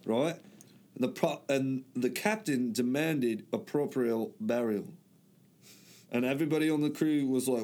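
A man's voice: medium pitch, unhurried, dark tone. A young man in casual chat, swearing freely and sprinkling his talk with "mate" in a put-on English way. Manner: swears a lot, keeps saying "mate" in a put-on English accent. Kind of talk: casual chat trading wild facts.

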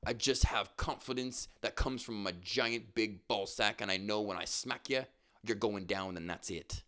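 A man's voice: on the low side, normal speed, a bit bright, lightly acted. A man reading out the boasts of a cocky male fighter, doing the lines in his own voice without an accent. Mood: boastful.

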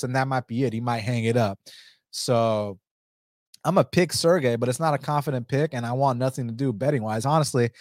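A man's voice: mid-range voice, darkish tone, no echo, studio quality. A young adult man giving a casual, blunt fight breakdown and betting picks, talking animatedly, swearing and using plenty of fillers. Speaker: MMA betting analyst.

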